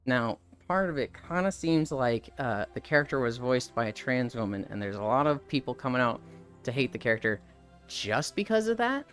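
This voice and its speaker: A streamer in casual live chat who rambles and swears freely, voice swinging widely in pitch. Faint background music runs throughout. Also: very animated, normal speed, a bit bright, smooth.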